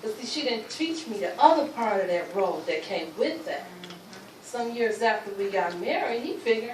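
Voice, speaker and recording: A woman's voice: medium pitch, animated, normal speed. A woman giving an emphatic personal testimony at a luncheon, acting out the voices of the people in her story. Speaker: speaker sharing her testimony. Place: luncheon venue, roomy hall. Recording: echoey room, distant, with noise.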